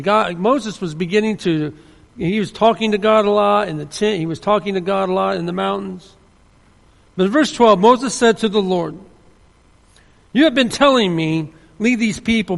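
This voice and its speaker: High gravelly preacher man, echoing hall. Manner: earnest, emphatic, with frequent restarts. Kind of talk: sermon. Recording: long hall reverb.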